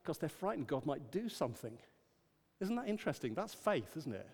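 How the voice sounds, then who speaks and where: An older man preaching a sermon, rising to emphatic declarations and dropping to quiet storytelling. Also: fairly high pitch, big pitch swings, brisk, pauses often. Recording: long hall reverb.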